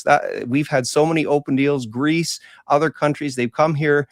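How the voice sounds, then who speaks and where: A man's voice: a little high, fairly even intonation, moderate pace, few pauses, no echo, clean studio sound. A man speaking as a guest on a panel discussion, conversational and quoting others as he talks.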